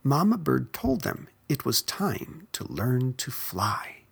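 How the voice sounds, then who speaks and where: A storyteller reading a children's picture book aloud in a soft, gentle whisper. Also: medium pitch, sing-song, slow pace, vocal fry, breathy edge.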